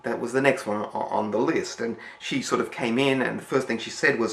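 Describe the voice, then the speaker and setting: A man's voice: mid-range voice, fairly even intonation, fairly quick, vocal fry, hardly any pauses, fairly bright tone. A man with an Australian accent telling a story casually, rambling with many fillers and restarts. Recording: roomy echo.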